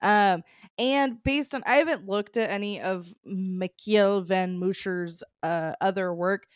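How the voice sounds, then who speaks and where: A woman's voice: medium pitch, slow pace, clean tone, no echo, clean studio sound. A young woman co-hosting a casual podcast, explaining an artist's story with frequent ums. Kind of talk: casual chat.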